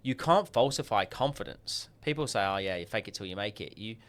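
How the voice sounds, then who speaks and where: An Australian man as a podcast guest, telling stories and acting out quoted dialogue with lively jumps in pitch. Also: fairly quick. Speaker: guest, sales coach. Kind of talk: podcast interview storytelling.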